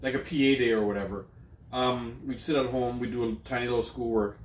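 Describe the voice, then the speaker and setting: A man's voice: medium pitch, steady tone, a little fast, roomy sound, a little hiss or hum. A man co-hosting a casual podcast chat. He jokes a lot, swears freely and often restarts his sentences. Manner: loose, profane, jokey, with many restarts. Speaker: podcast co-host.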